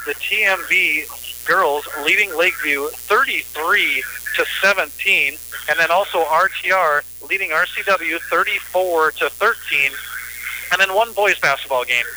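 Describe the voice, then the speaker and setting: A man's voice: a little high, sharp tone, slight background noise, rough recording. A man announcing a girls' basketball game on local radio. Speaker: play-by-play sports announcer. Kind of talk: local radio sports commentary.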